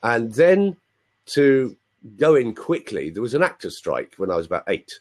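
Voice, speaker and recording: Lively, breathy older London man. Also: mid-range voice, moderate pace. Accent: London English. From London, England. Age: 60s. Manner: chatty, playful, asks listeners for confirmation. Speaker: guest. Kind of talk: storytelling on a live video chat.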